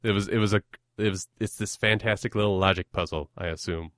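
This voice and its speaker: A man's voice: low-pitched, fairly even intonation, fast, a bit bright, no room sound, studio quality. A young man hosting a podcast in casual, self-deprecating chat, rambling and often laughing. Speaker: podcast host.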